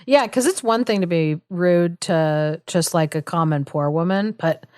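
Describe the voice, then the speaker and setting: A woman's voice: lowish voice, a little slow, darkish tone, no echo, studio quality. A woman co-hosting a podcast who adds wry asides and reactions in casual chat. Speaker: podcast co-host.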